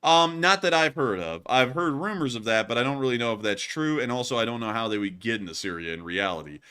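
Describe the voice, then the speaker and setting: A man's voice: mid-range voice, lively intonation, quick pace, pushed and bright, clear, resonant tone. A man who is feeling under the weather, hosting a live stream and answering chat questions with set sign-offs. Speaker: host.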